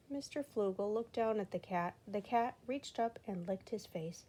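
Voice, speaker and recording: A woman reading a children's storybook aloud with expressive storytelling emphasis. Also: medium pitch, moderate pace, hardly any pauses, slight background noise. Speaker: storybook reader.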